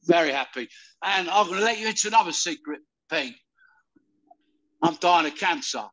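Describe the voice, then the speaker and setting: An older man from the UK, talking loudly and rambling in a casual interview. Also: fairly high pitch, expressive, normal speed, rough recording. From United Kingdom. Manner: loud, rambling, calls the listener "mate". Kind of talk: casual conversation.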